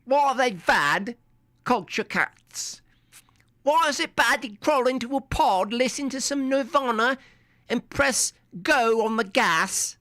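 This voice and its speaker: A man putting on an exaggerated British voice to mock a debater, drawing out his taunts in a high, sneering tone. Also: very animated, pushed and bright, heavily acted. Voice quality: exaggerated British put-on accent, drawn-out taunts.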